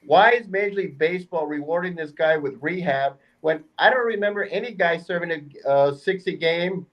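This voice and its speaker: A man's voice: on the high side, moderate pace, highs cut off. Indignant man ranting about baseball. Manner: indignant, sarcastic rant. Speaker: panelist. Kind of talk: casual sports talk.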